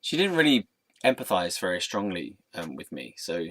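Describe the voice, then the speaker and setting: A young man telling a personal story in an earnest, reflective, soft-spoken way. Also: sits low, wildly swooping pitch, normal speed. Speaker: vlogger.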